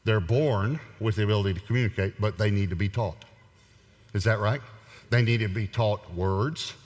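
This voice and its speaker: A man's voice: on the low side, normal speed. A man preaching a sermon in a conversational, humorous way, driving points home by repeating them. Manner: conversational, humorous, emphatic repetition. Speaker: pastor. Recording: long hall reverb.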